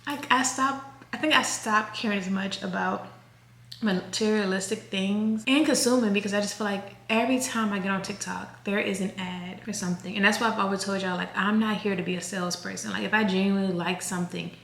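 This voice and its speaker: A woman in her thirties talks casually to her viewers, rambling and restarting her sentences. Her voice has a gravelly fry to it. The room around her sounds echoey. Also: medium pitch, fairly even intonation, fairly quick, fairly bright tone. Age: 30s. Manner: rambling, chatty, self-correcting. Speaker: vlogger. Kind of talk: casual chat to camera.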